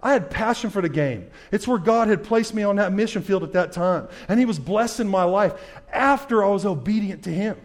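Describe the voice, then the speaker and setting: A man with a rather high voice tells his faith story to a live crowd. He speaks emphatically and keeps throwing questions at his listeners. He moves between hushed, low stretches and loud, fired-up bursts. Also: lively intonation, brisk. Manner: emphatic storyteller, addresses the audience directly with questions. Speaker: former pitcher giving a faith testimony talk. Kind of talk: testimony talk to a live audience.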